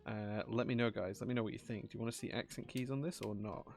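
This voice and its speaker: Man, casual stream chat, gravelly voice, thinks aloud, faint music behind. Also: on the low side, fast talker. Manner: relaxed, thinks aloud, reads and answers chat. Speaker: keyboard-building streamer. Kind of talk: casual live-stream chat while building.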